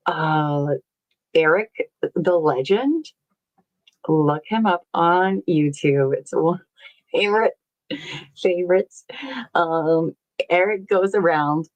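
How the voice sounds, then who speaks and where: A woman's voice: on the low side, takes it slowly, long pauses, highs cut off. A woman hosting a casual livestream, rambling and chatty as she reads viewer comments aloud, laughing often and swearing casually. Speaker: livestream host.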